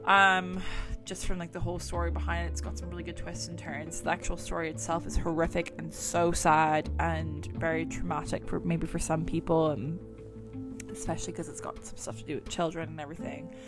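A woman's voice: deep voice, flat delivery, brisk, over music. A woman hosting a true crime podcast, chatting casually with a rambling, sweary manner. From England. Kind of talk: casual chat.

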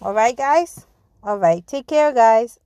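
A woman hosting her own podcast in casual talk, blunt and animated, swearing freely and often restarting her sentences. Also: fairly high pitch, takes it slowly, dry recording. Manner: restarts and repeats words often. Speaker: podcast host. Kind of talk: casual spoken monologue.

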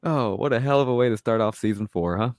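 A man's voice: mid-range voice, fast talker, darkish tone, dry recording, studio quality. A man hosting a podcast in casual chat, playful and teasing. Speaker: podcast host.

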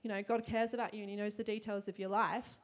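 A young woman giving a sermon to a congregation, telling a personal story in a chatty, quick way with lots of fillers and frequent laughter. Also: medium pitch, little pitch movement. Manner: chatty, fast, laughing often, many fillers. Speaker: church speaker.

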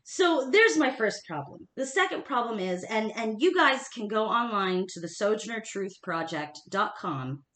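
A woman co-hosting a relaxed history chat, with a lively, swooping delivery. She talks emphatically and laughs often. The recording sounds echoey, as if made in a bare room. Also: mid-range voice, moderate pace, hardly any pauses. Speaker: podcast co-host.

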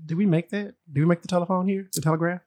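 A podcast co-host in casual chat. They tease their partner and laugh easily. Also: mid-range voice. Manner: teasing, lively, quick to laugh.

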